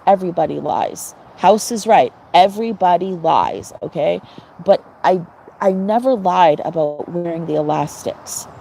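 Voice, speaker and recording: A woman on a live stream, casually telling personal stories to her viewers, frank and quick to laugh. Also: lowish voice, mellow, a little hiss or hum, rough recording. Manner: chatty, laughs often, frank.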